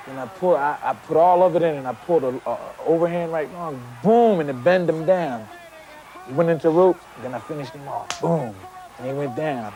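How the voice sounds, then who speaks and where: A man's voice: fairly high pitch, brisk, very noisy. A man, a former boxer, telling his story in an interview. He stumbles and repeats words as he acts out what people said to him.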